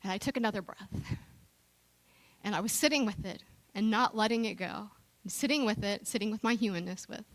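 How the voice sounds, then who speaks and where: A woman's voice: medium pitch, a little fast, low-quality recording. A middle-aged woman minister giving a conversational sermon, telling a candid personal story with frequent restarts. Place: church sanctuary.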